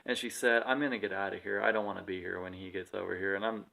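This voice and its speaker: Animated man telling a story, cursing freely. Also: low voice, creaky. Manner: animated, swearing, quick to act out the people in his story. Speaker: podcast co-host. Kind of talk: casual storytelling chat.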